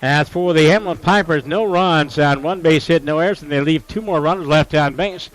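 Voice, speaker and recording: A man from the Upper Midwest US does play-by-play for a college baseball game, his voice a bit higher than average. At a moderate pace he steadily covers counts, lineups and sponsor reads, then rises excitedly for big plays, all on a rough recording.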